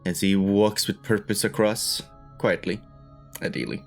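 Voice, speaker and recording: A man playing a tabletop role-playing game, describing his character's actions deliberately. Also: on the low side, steady tone, vocal fry, faint music behind. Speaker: player.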